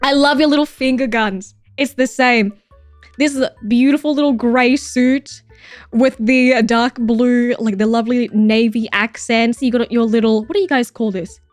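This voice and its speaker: A woman in her thirties with a slightly high voice, chatting casually on a livestream. She gushes over viewers' photos, swears freely and throws out mock-jealous insults. Her voice is close and dry, with soft music playing underneath. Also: steady tone, normal speed, no room sound. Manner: gushing and swearing, mock-jealous outbursts, frequent laughs. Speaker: streamer reacting to viewer submissions.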